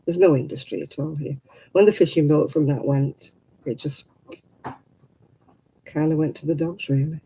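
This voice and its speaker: A woman's voice: low voice, steady tone, normal speed, pauses often, mellow, slightly rough, low-quality recording. An older woman, chatting casually with viewers on a livestream and rambling as she explains everyday customs. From England. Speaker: livestream host.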